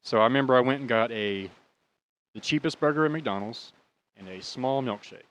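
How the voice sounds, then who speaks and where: A man's voice: medium pitch, moderate pace, a bit bright. An American man in his thirties casually telling a rambling, profane story and laughing at his own bad luck. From United States. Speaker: podcast host.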